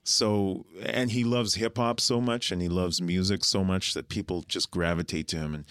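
Lively, low-voiced male storyteller. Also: moderate pace, hardly any pauses, no room sound, studio quality. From Canada. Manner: animated storyteller who acts out the people he quotes. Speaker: musician guest. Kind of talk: casual interview chat.

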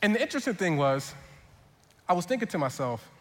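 A man preaching a sermon as pastor, telling a personal story in an animated way with quick repeats, then turning earnest. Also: high voice, in a large hall.

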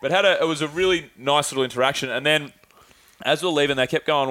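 A man's voice: a little high, quick pace, bright, forceful tone, no room sound. Laid-back swearing man. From Australia. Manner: laid-back, swears freely, acts out quoted voices. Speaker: podcast guest. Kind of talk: casual storytelling chat.

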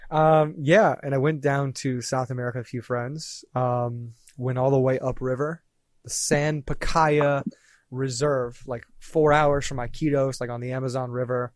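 A man in his thirties tells a story as a podcast guest, casual and animated. He swears freely and acts out quoted lines as he goes. The sound is dry and close. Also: medium pitch, moderate pace, no echo.

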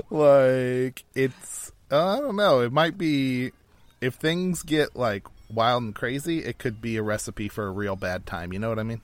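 A man's voice: mid-range voice, dry recording. A man co-hosting a podcast in casual, rambling chat, full of fillers. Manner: laid-back, rambling with fillers. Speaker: podcast co-host.

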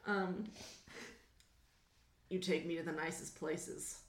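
A woman voicing a gruff young male celebrity who has fallen from fame. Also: fairly low pitch, fairly even intonation, slow pace, roomy sound, voice pushed down. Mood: smug.

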